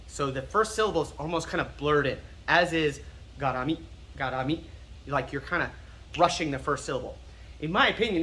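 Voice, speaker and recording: Bright-voiced American man teaching pronunciation. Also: fairly high pitch. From United States. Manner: nerdy, repeats words slowly to drill pronunciation. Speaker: martial arts instructor. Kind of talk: casual explanatory teaching. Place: martial arts school.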